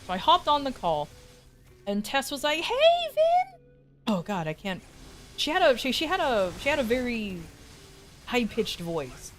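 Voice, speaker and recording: A woman streamer tells a casual story in a lively, swooping voice. She swears freely and acts out what others said. Soft music plays faintly underneath. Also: on the high side, moderate pace, long pauses. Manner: animated, profane, acts out quotes.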